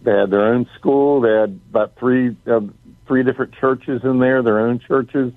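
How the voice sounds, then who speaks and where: A man calling a radio show, folksy and unhurried. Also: medium pitch, steady tone, no room sound. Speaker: radio caller. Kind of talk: phone call to radio. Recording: tinny phone line.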